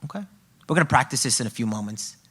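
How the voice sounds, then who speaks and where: Bright-voiced man leading a parenting workshop. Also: mid-range voice, lively intonation, rapid-fire, slightly rough. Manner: emphatic, often checking in with "okay?" and "right?". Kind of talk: live workshop talk to an audience. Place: room with a live audience.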